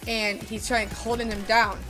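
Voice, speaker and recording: Brief: rambling woman streamer, a bit high-pitched, music playing behind her, casual and sweary. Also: level tone, moderate pace. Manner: rambling, lots of fillers and swearing. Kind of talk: casual storytelling while gaming.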